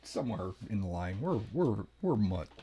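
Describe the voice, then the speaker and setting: A man's voice: on the low side, big pitch swings, moderate pace, warm tone. A man hosting a podcast, chatting casually, rambling and correcting himself, laughing often. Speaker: podcast host. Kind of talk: casual chat.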